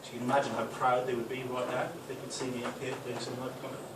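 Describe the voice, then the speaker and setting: A young man from the North East of England with a softened Geordie accent, doing a chatty stand-up routine. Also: mid-range voice, level tone, very fast. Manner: chatty, with tag questions; loud put-on voices for punchlines. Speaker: stand-up comic. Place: club function room. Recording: echoey room, distant, noisy.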